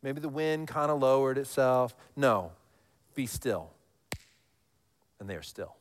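A man in his thirties preaching a sermon, telling stories with animated highs and dropping to a hush for scripture lines. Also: moderate pace, clear, resonant tone. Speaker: pastor.

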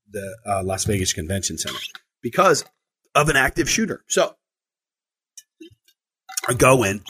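A man telling a long personal story in a casual monologue, animated and acting out the quoted lines, with frequent fillers and restarts. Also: on the low side, husky. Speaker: storyteller recounting a trip.

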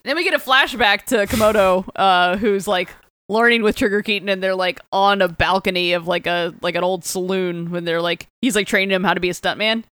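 A woman chatting on a podcast, retelling a comic with plenty of laughter and quick character voices. Her voice is smooth and clear, recorded dry and close with no room sound. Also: mid-range voice, fairly bright tone, no echo. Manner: laughing often, acting out character lines in voices. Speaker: podcast co-host. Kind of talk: casual chat recapping a comic.

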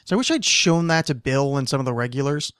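A man in his thirties hosting a casual podcast chat, rambling and animated, trailing off mid-sentence and swearing now and then. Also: medium pitch, fast, clean tone, dry recording, clean studio sound. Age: 30s. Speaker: podcast host.

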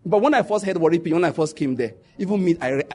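A middle-aged Nigerian man with a Nigerian accent telling stories in a casual monologue, animated and laughing as he jumps into quoted pidgin. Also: fairly high pitch, rapid-fire, a little hiss or hum.

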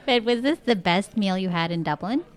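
A woman's voice: mid-range voice, animated, a little fast. A woman co-hosting a casual podcast chat, teasing and playful with her partner. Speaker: podcast co-host.

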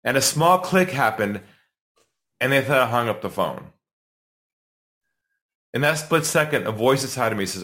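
Speaking at a normal pace in a mid-range voice, this middle-aged man is a sales trainer guesting on a podcast. His storytelling is lively, and he performs the quoted lines to keep listeners in suspense.

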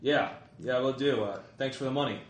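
A man's voice: medium pitch, close to an everyday voice. A man doing a blunt shady American informant. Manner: casual, crude, halting with fillers. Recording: roomy with faint noise.

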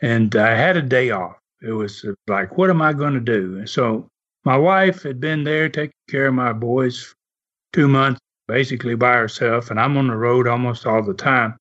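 An older Southern man and former wrestler tells stories casually in a drawl, chuckling and dropping plenty of "uh" fillers. His mid-range voice moves at a normal speed and sounds a bit bright. The audio is dull and lo-fi.

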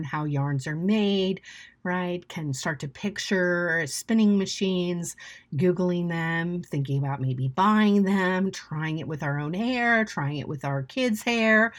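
A woman hosting an educational podcast, talking in a chatty, lively way with playful asides and frequent "right?" checks. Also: lowish voice. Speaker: podcast host.

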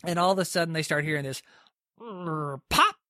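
Man, preacher, conversational storytelling, fairly high voice, dry. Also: expressive, normal speed, sharp tone, no echo. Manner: conversational, lots of "like" and restarts. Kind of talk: sermon storytelling.

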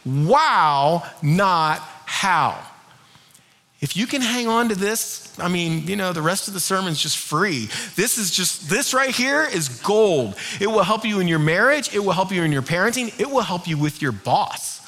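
A middle-aged male pastor preaches with a high, bright voice. He keeps it conversational and lively, pulling the congregation into call-and-response. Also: measured pace. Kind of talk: sermon.

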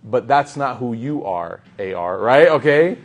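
Speaking at medium pitch and a slightly slow pace, a man delivers an informal Islamic sermon before a live crowd. He keeps it relaxed and chatty, repeating phrases for emphasis, frequently adding "right?" and citing scripture in Arabic.

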